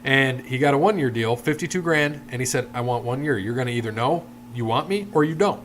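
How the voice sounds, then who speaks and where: A man co-hosts a casual podcast in an animated, mid-range voice at a fairly quick pace, with slight background noise. He tells long, rambling stories, retelling anecdotes and acting out the people in them with quoted voices.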